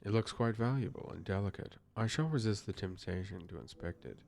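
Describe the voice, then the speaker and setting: A man putting on the voice of a fussy, refined gentleman detective while playing a game, with formal, precise phrasing. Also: lowish voice, expressive, brisk, creaky. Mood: composed. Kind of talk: in-character voice while streaming a game.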